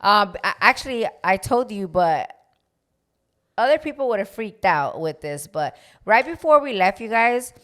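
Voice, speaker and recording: A woman's voice: mid-range voice, big pitch swings, measured pace, fairly bright tone. A woman co-hosting a podcast in casual chat, laid-back and full of "like", switching into Spanish phrases now and then. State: tired after a flight. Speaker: podcast co-host.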